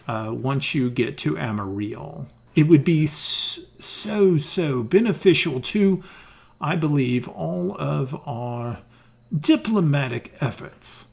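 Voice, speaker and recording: Courteous ancient elf envoy, slow and gravelly, a man voicing him; tabletop game. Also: on the high side, darkish tone, exaggerated voice. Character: kindly very old male elf ambassador.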